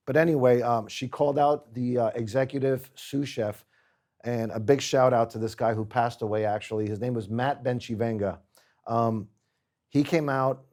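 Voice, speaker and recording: A guest chef from Puerto Rico tells stories casually on a podcast, animated and acting out the people in them. His voice is medium in pitch at a normal speed.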